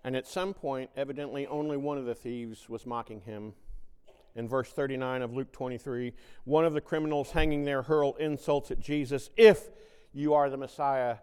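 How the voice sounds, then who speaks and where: A man's voice: little pitch movement, normal speed, smooth. Man preaching a dramatic sermon in a hall. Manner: dramatic swings from loud, high scripture reading to hushed low reflection. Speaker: pastor.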